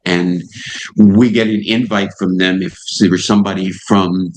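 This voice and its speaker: An older man who hosts a satellite radio show is a guest in an interview, telling an anecdote as a lively storyteller who acts out the voices of the people in it. His voice sits low at a moderate pace, and the rough recording carries a little hiss or hum.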